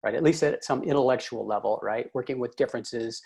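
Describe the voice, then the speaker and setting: A man with a mid-range, husky voice, some vocal fry, and a slightly mellow tone gives a webinar on workplace conflict through a video call mic. He speaks fairly quickly, storytelling with frequent fillers and restarts.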